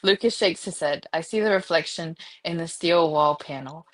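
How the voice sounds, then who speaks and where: A woman's voice: deep voice, normal speed. A woman reading a romance novel aloud, giggling now and then between passages. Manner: giggly, breaks into laughter. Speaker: reader.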